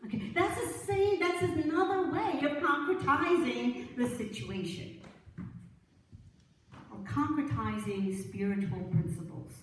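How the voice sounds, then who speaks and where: Woman minister, inspirational sermon, high-pitched, distant mic, faint background noise. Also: a little slow. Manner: animated storytelling, laughing, checking in with congregation. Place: sanctuary with altar. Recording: echoey room, speaker far from mic.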